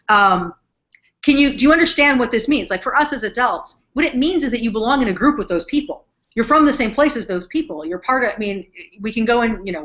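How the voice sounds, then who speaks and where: A woman's voice: a little high, highs cut off. Chatty American woman explaining research. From northern United States. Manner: chatty, lively explainer with many ums. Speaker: psychology professor guest. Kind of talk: explaining research in an online chat.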